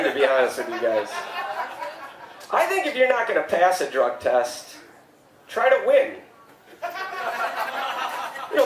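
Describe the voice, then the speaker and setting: A man in his thirties works through a stand-up set, his voice sitting a little high for a man. He delivers dry one-liners and then jumps into mock shock. The stage mic picks up a roomy, echoey club. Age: 30s. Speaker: stand-up comedian.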